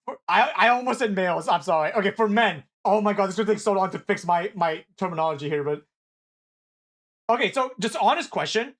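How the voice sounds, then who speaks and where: Reacting to viewers' messages during a casual live stream, an excitable young man speaks a little fast in a high-pitched voice. He's a native Korean speaker who apologizes, swears, laughs frequently and often restarts what he's saying.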